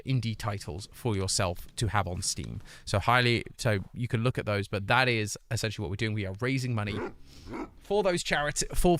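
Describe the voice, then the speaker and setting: A man's voice: medium pitch, a bit bright, dry recording. Upbeat British man streaming live. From Britain. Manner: upbeat, reads chat aloud and greets viewers. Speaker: charity livestream host. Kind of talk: casual live-stream chat. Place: home streaming room.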